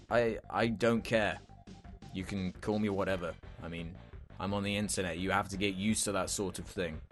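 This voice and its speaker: A man's voice: deep voice, steady tone, normal speed, faint music behind. A young man hosting a comedy rant show, sarcastic and exasperated, swearing freely.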